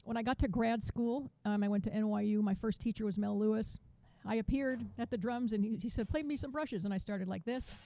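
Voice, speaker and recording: Mellow-voiced woman teaching drums. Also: medium pitch, fairly even intonation, a little fast, few pauses. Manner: chatty, restarts sentences, counts beats aloud. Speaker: drum teacher. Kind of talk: online masterclass teaching.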